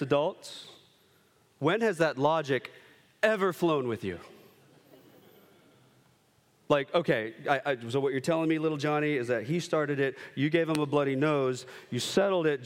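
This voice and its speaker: A man in his thirties preaching a sermon, animated, acting out quick voices of kids and himself. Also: fairly high pitch. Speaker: pastor. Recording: long hall reverb.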